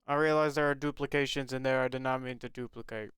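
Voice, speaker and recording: A young man streams live, rambling cheerfully to his chat as he gets things ready. His voice is bright and crisp, close to the mic in a dry space with no room echo. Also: mid-range voice, steady tone, fast, hardly any pauses. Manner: rambling, upbeat, talks to chat while setting up. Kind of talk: casual livestream chat.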